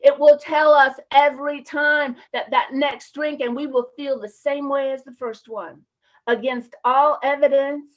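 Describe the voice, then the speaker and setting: A woman with a high voice tells her recovery story in a frank, casual, openly emotional way, dropping slang as she goes. The sound is muffled, lo-fi conference audio. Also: steady tone, unhurried. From Champaign, Illinois area. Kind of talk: personal recovery talk.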